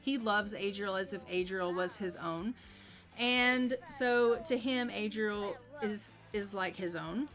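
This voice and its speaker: A woman's voice: medium pitch, slow, a bit bright, faint music behind. A woman streamer narrating a life-simulation game casually, chatty with many fillers.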